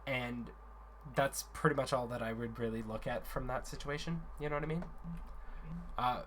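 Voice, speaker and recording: A man's voice: medium pitch, steady tone, moderate pace, a little hiss or hum. A man in a casual voice chat, earnestly explaining a gaming community's conduct rules at length, often restarting his sentences.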